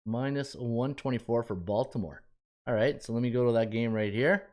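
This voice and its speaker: A medium-pitched, darkish male voice at a normal pace: a Canadian-accented host of a sports betting show. He muses out loud and kids himself while working through the math in a relaxed, chatty way.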